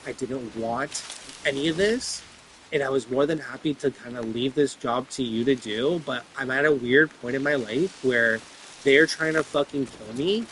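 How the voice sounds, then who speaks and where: A man talks straight to his audience in a rambling personal monologue, packed with fillers and curse words. His voice sits at an everyday middle pitch. A faint hum runs underneath. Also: low-quality recording. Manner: rambling, filler-heavy, profane. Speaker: vlogger.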